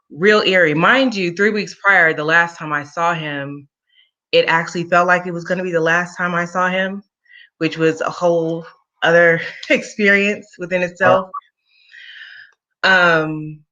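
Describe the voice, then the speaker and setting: A woman shares a personal story in an interview, speaking candidly and conversationally with the occasional wry aside. Her voice has a bright, forceful quality. The recording sounds dull and lo-fi. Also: on the low side. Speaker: guest sharing a personal story.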